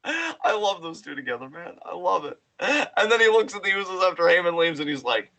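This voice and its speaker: A man co-hosting a podcast in casual chat, excited and animated, swearing freely as he talks. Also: high voice, brisk, few pauses, poor audio. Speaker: podcast co-host.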